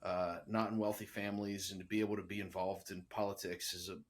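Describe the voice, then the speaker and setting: Male podcast host, fairly low voice, earnest, conversational. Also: level tone, fast, a little hiss or hum. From Upper Ohio Valley, USA. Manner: earnest, enthusiastic reactions. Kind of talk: casual interview chat.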